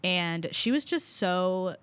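A woman's voice: lowish voice, expressive, takes it slowly, fairly bright tone, clear, resonant tone. A young woman, a college student, chatting casually and laughing often, with lots of fillers. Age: young adult. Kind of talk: casual chat.

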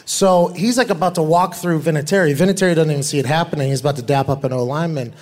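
A man's voice: on the high side, fast talker. A middle-aged man, a former football player, telling stories casually as a guest, swearing freely and acting out the voices of others. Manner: animated, profane, acts out quoted voices. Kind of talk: casual storytelling.

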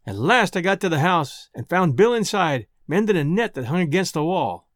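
A man's voice: high voice, very animated, moderate pace, no echo, studio quality. A man narrating a first-person storybook tale in folksy, rustic dialect. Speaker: audiobook narrator.

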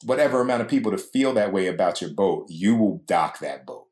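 A man's voice: deep voice, animated, a little fast, darkish tone, roomy sound. A man hosting a casual chat, talking loosely with slang and filler words.

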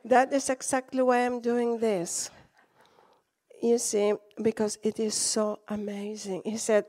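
Speaking unhurriedly, a high-voiced Latina guest preacher from Latin America weaves stories through her sermon. She's animated, laughs frequently, and acts out the quotes she relays.

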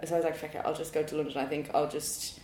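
A woman's voice: deep voice, level tone, racing, mellow. A woman in her twenties with an Irish accent, chatting as an interview guest, laughing often and saying "like" a lot. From Ireland. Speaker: guest illustrator. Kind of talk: casual interview chat. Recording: roomy with faint noise.

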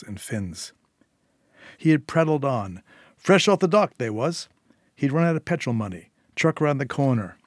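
A man narrating a short story in a measured, quietly tense reading. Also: medium pitch, dry recording, studio quality.

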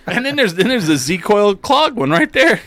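A man co-hosting a casual chat, animated and profane, telling stories. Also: high-pitched, moderate pace. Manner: animated, swears, tells stories. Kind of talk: casual banter.

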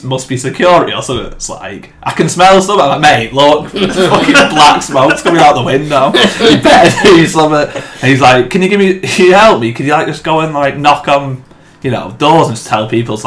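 Young man telling a story. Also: mid-range voice. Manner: animated, swears freely, laughs through the story. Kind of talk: casual storytelling chat. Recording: echoey room with faint ambient noise.

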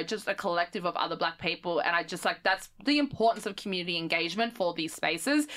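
A woman, co-hosting a radio show and telling an animated story, laughing often. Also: mid-range voice. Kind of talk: casual chat.

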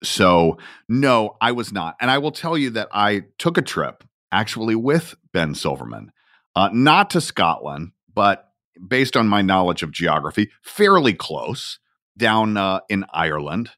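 A man hosting a podcast, talking casually in an unhurried, reflective storytelling way. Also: lowish voice, very animated, a bit bright, no echo, clean studio sound. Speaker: podcast host.

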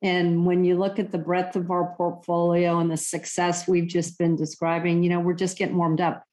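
A woman's voice: lowish voice, little pitch movement, moderate pace, darkish tone. A woman hosting a podcast interview, enthusiastic and polished. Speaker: podcast host.

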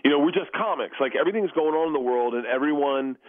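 A man in his forties, a comedian guest who laughs through his stories and puts on the voices of the people he quotes. His voice sits a bit high for a man. The line sounds dry and slightly dull, like a lo-fi remote hookup. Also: fast talker, no room sound. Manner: animated storyteller who laughs often and acts out quoted voices. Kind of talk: casual interview chat.

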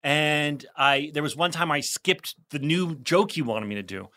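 A man's voice: a little high, measured pace, sharp tone. A man co-hosting a casual podcast, telling chatty, rambling anecdotes with frequent restarts. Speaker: podcast co-host, actor. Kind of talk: casual chat.

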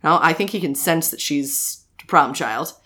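A woman in her thirties chatting casually as a podcast co-host, animated and swearing freely as she acts out what people said. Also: low voice, normal speed. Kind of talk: casual chat, storytelling.

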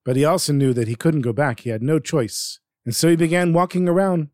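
A man narrating a folktale in an expressive, dramatic storytelling manner. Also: a little high, fairly quick, no echo, studio quality.

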